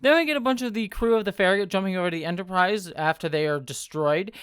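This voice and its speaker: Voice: mid-range voice, fast, fairly bright tone, clear, resonant tone, no room sound, clean studio sound. A TV review host talking through an episode in a chatty, enthusiastic way, with many fillers and asides. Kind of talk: casual spoken episode review.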